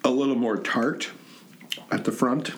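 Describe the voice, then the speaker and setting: A man's voice: mid-range voice, fairly even intonation, measured pace, a little hiss or hum. A man co-hosting a casual podcast, joking and laughing often while his mouth burns from hot sauce. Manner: jokey, laughs often, teasing. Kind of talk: casual chat.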